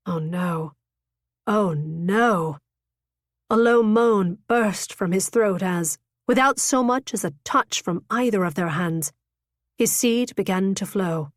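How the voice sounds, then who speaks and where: A woman reading a romance novel aloud in an intimate, measured scripted narration. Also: medium pitch, no room sound, clean studio sound. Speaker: audiobook narrator.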